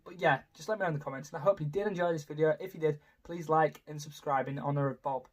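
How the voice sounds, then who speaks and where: A man's voice: on the high side, fairly even intonation, fast talker. A young man, rambling casually as a YouTuber through a ranking, full of "you know" fillers. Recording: voice a bit far from the mic.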